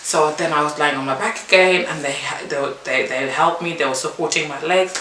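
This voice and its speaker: A woman vlogger casually telling a personal story to camera, animated and acting out what people said to her. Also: low voice, a little fast, few pauses. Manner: animated, acts out the midwives' and her own lines in a raised voice. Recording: echoey room, mic at a distance, faint hiss.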